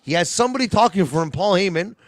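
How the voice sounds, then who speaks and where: High-voiced man, dry close sound. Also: fast talker, no room sound. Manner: animated, repeats himself. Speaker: podcast co-host. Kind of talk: casual chat on a video call.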